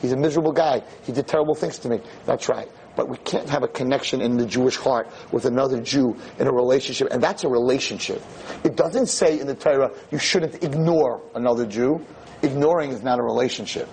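A male rabbi giving a storytelling lecture, animated and acting out the voices in his tale. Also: mid-range voice, fairly quick, a little hiss or hum.

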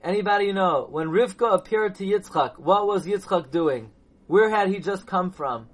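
A man giving a Torah class lecture, animated, asking his listeners questions and mixing Hebrew and Yiddish terms into his English. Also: high-pitched, normal speed. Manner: animated, asks the audience questions. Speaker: Torah teacher.

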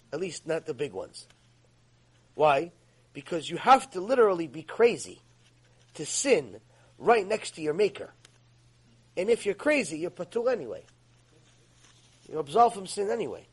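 A man with a high, husky voice gives a religious ethics lecture. He talks in an emphatic, scolding way and acts out the voices of the people he quotes. He speaks as a teacher pressing a point on his class. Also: rough recording. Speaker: Torah teacher.

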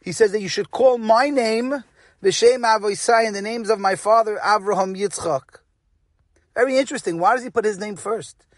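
A man's voice: sits high, moderate pace, no room sound. A man giving a pre-Sabbath sermon as a rabbi, speaking earnestly and repeating phrases for emphasis.

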